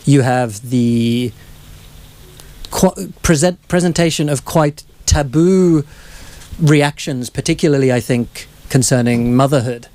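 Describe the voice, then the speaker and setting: A man's voice: medium pitch, darkish tone. Hesitant man moderating a book talk. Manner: halting, searching for words, many fillers. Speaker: event moderator. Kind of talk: live literary discussion. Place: bookshop event.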